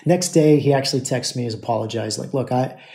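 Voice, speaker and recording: Relaxed, mellow-voiced man telling a story. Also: medium pitch, fairly quick. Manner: conversational, repeats phrases, addresses listeners as brothers. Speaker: podcast host. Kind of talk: casual storytelling monologue.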